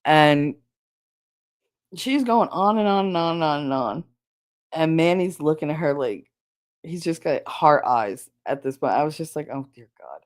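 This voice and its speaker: Low-voiced woman telling a frank story. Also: lively intonation, unhurried, pauses often. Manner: candid and profane, acts out quoted lines. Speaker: podcast host. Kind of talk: casual storytelling chat.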